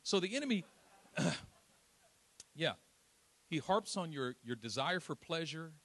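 A man from East Oakland preaching a sermon, telling a personal story with lively acted-out quotes and self-deprecating asides. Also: on the high side, a little slow. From East Oakland, California. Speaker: pastor.

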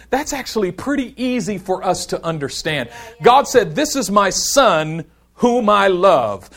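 A man with a notably high voice preaches a sermon. He leans hard into key words and slows right down when he lingers over scripture. When he runs through a list, each item pushes his voice higher and louder. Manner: emphatic preaching, slowing down to dwell on scripture; builds to higher, louder peaks on lists of words.

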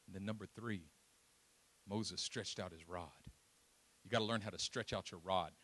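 A man preaching a sermon, acting out the voices of scripture figures and swinging between loud and hushed delivery. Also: low voice, normal speed. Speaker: pastor.

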